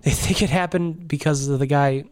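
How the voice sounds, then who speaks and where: A game master narrating a tabletop role-playing game in an expressive way. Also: medium pitch, normal speed.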